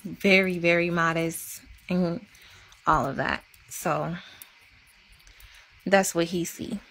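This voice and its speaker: A woman's voice: fairly low pitch, steady tone, slow pace, a bit bright. Woman rambling in casual livestream talk. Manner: rambling, self-deprecating, repetitive.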